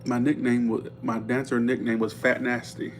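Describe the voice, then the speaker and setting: A man speaking at an everyday middle pitch, reading tarot on a casual livestream. He talks in a loose, chatty way and says things bluntly, and a faint hum sits under his voice. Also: little pitch movement, normal speed. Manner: chatty and blunt, thanking viewers for tips. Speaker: tarot reader.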